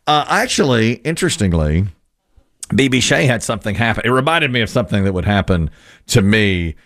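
Lively, laughing male radio host. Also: on the low side, brisk. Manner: chatty, laughs often, lively storyteller. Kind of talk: casual radio banter.

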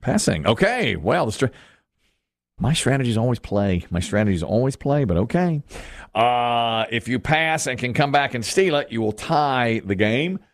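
A man's voice: medium pitch, sing-song, moderate pace. A man hosting a game show, reading out answers and chatting with the contestants. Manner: upbeat, chatty, reads clues aloud.

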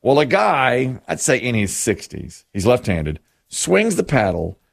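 A man with a mid-range, creaky voice speaks a little slowly. As a co-host in a casual storytelling chat, he animatedly relates a funny anecdote, acts out people's lines, and laughs often.

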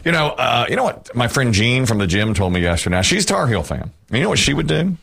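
A man's voice: fast, creaky, slightly rough. A man hosting a radio show, telling stories in casual chat and acting out the people he quotes. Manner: animated storyteller, acts out quotes with big pitch jumps.

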